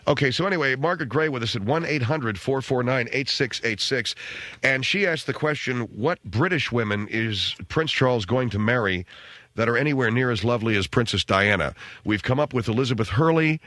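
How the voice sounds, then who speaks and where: A man's voice: mid-range voice, fairly quick, fairly bright tone, no room sound. A man hosting a radio call-in show, dry and exasperated with his guest. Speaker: radio talk show host.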